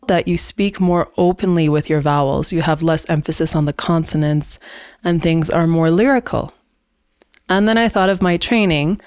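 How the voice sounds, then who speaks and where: A woman in her forties, a vocal coach, giving an online singing lesson and explaining things clearly. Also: lowish voice, darkish tone, no room sound, clean studio sound. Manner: explains clearly, demonstrates vowel sounds.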